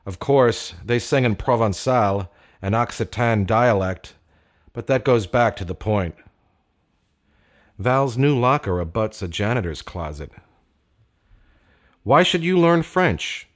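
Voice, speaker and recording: A man narrating a story in a measured, deliberate way with dry wit. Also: lowish voice.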